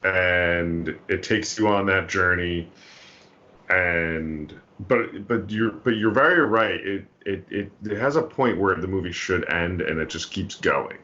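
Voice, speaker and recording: A man's voice: low voice, takes it slowly, pushed and bright, highs cut off. A man co-hosting a film podcast, talking casually and often restarting his sentences. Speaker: podcast co-host. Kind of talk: casual chat.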